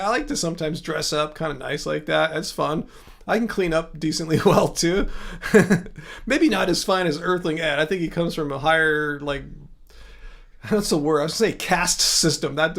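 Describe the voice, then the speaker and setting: A man's voice: fairly high pitch, vocal fry, a bit bright. A man hosting a casual livestream, reading viewer comments aloud and rambling chattily with lots of fillers and self-corrections. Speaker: livestream host.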